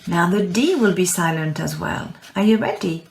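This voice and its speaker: A woman teaching French to young children in a recorded lesson, speaking clearly and encouragingly and repeating words for her pupils. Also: mid-range voice, big pitch swings, unhurried. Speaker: primary school French teacher. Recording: echoey room.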